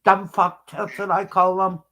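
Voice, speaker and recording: A woman's voice: medium pitch, flat delivery, unhurried, fairly bright tone. A woman chatting casually with her boyfriend, telling a heated story full of swearing. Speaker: girlfriend in a phone hangout.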